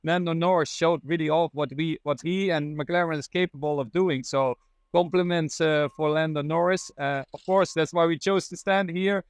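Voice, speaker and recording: Guy reporting from the paddock, fired up, slightly high voice, dry sound. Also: fairly even intonation, moderate pace, clear, resonant tone, no room sound. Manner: enthusiastic, non-native phrasing. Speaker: motorsport reporter, co-host. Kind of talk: casual on-site chat. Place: outdoors at a race paddock.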